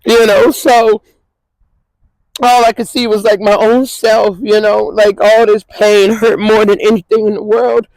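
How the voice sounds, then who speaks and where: A woman's voice: medium pitch, level tone, a little slow, a little mellow, no room sound, rough recording. A woman from Minnesota speaks as an interview guest, telling her story in a loose, conversational way that keeps circling back on itself. Her voice is recorded close and dry, with no room sound around it. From Twin Cities, Minnesota. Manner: repetitive, conversational storytelling full of "you know what I'm saying". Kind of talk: emotional personal testimony.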